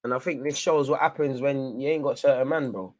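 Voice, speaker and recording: A young man calls a football match live as an excited fan, egging the players on and flipping between frustration and hype. His voice sits in the mid-range and moves at a brisk clip.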